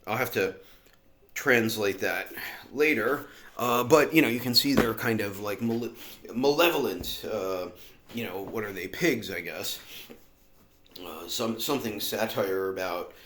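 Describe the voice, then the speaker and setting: A man talks to camera in a meandering, sardonic monologue that is packed with fillers and asides. His voice sits on the low side. The sound bounces around an echoey room. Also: measured pace, a bit bright, a little hiss or hum. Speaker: vlogger. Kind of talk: rambling casual monologue.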